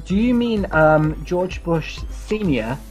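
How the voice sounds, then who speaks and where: A man's voice: high voice, expressive, takes it slowly, darkish tone, faint music behind, rough recording. A man hosting an online English conversation club, talking casually with many fillers and restarts. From New Zealand.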